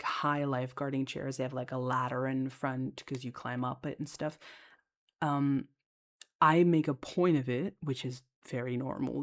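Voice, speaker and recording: A young adult audio creator and lifeguard chatting casually, telling a story in a rambling, animated way. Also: mid-range voice.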